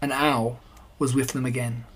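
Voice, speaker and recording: A reader narrating a children's storybook in a gentle, even telling. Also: mid-range voice, normal speed. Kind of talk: storybook reading.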